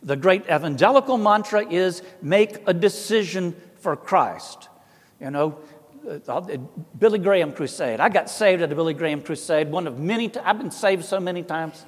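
A middle-aged priest with a thick Appalachian Southern drawl speaks in a fairly high voice. He talks in a folksy, self-deprecating storytelling way and acts out the voices in his tales. His voice rings with a long reverb, as if he is in a big hall. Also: animated, fairly quick. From American South. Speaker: Orthodox priest. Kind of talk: storytelling talk.

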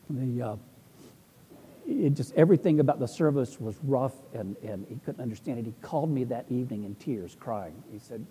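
A man's voice: mid-range voice, warm tone, slightly rough. A middle-aged man, an Orthodox priest, telling rambling, humorous stories in a casual talk. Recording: long hall reverb.

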